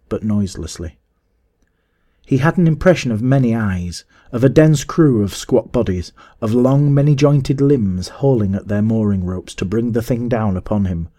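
A man with a fairly low voice reads an old adventure tale aloud. He keeps an even, measured storytelling pace through the narration. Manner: measured, even storytelling that rises to shouts in dialogue. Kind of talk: audiobook reading of a classic story.

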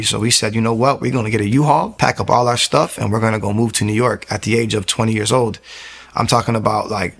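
A young man from the United States telling his personal testimony in an earnest, halting way, often restarting his sentences. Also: lowish voice, gravelly, fairly bright tone.

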